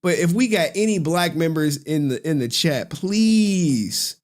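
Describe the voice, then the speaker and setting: A man's voice: on the high side, expressive, unhurried. A man doing reaction commentary on a channel, mocking and laughing often as he talks. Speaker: YouTube commentator.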